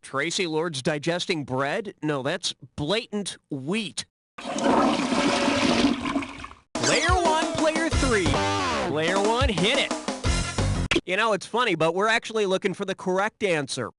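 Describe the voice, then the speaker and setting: A man's voice: high-pitched, sing-song, slow pace, pauses often. A man hosting a quiz game in a sarcastic, mocking way, swinging his voice up and down as he teases the players. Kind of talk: snarky game show hosting. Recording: loud music behind the voice.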